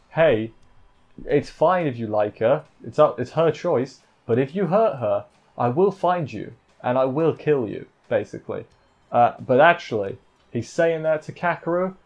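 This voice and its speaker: A man's voice: mid-range voice, a little mellow, muffled recording. A man giving a casual, rambling recap of an anime episode, correcting himself and making playful asides. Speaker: anime reviewer.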